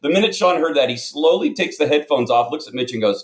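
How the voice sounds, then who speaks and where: Fast-talking man telling stories. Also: on the high side, roomy sound. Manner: quick, animated, repeats words when starting sentences. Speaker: podcast guest, radio and esports producer. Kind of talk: casual storytelling.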